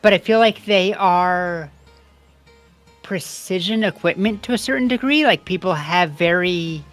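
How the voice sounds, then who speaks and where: A woman's voice: fairly low pitch, a little slow, faint music behind. A young woman streamer chatting while she plays a game, rambling and reading the on-screen text aloud. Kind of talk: casual gameplay commentary.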